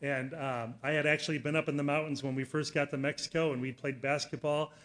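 A middle-aged man preaching a sermon, telling a personal story in an earnest way that rises to loud emphasis. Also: on the high side, steady tone, a little fast.

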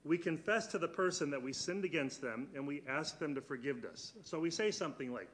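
A man teaching a church Bible class, earnest, putting questions to his students and slowing down on key words. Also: a little high, animated, a bit bright.

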